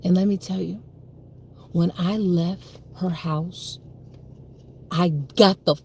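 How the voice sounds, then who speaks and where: A woman's voice: on the low side, fairly even intonation, slow, darkish tone, a little hiss or hum. A young woman telling a personal story on a livestream, emphatic and repetitive, with frequent swearing. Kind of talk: livestream monologue.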